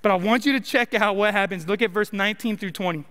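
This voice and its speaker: A man's voice: high voice, quick pace, pushed and bright. A young man preaching a casual, joking sermon as a college minister, full of likes and rights. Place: church sanctuary. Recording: long hall reverb.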